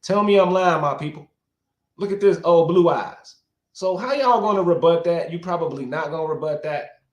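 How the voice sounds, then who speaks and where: A man's voice: on the high side, normal speed, echoey room. Heated, profane man ranting on a livestream. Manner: heated, profane, talks straight to the chat. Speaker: livestream commentator. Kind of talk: rambling livestream commentary.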